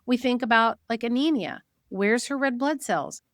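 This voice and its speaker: A woman's voice: fairly high pitch, normal speed, no room sound, clean studio sound. A woman host teaching fellow practitioners in a conversational, explanatory way, often quoting what patients say. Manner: chatty, explanatory, quotes patients in a lifted voice.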